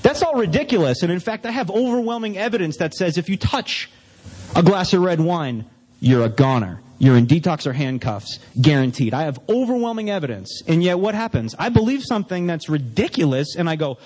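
A man's voice: sits high, very animated, fairly quick, darkish tone, husky. Candid man speaking in a reverberant hall. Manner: candid, self-mocking storytelling. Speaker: recovery speaker. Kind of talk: speech to a recovery meeting.

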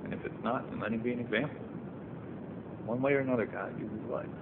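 In a meeting room, a man of medium pitch speaks at a quick pace, sharing his personal recovery story as testimony. He starts earnest and rises to emphatic, impassioned passages, captured on a tinny, phone-like recording with faint noise.

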